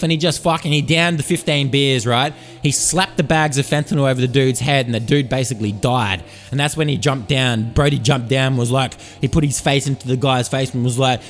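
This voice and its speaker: Rambling podcast host. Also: male voice, mid-range voice, brisk, faint music behind. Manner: rambling, profane, hyped-up. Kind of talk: comedic storytelling monologue. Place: Sydney.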